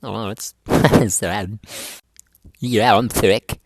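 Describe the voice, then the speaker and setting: A man's voice: on the low side, steady tone, drawn-out words, dry recording. A man reading funny tweets aloud in a dry, matter-of-fact way.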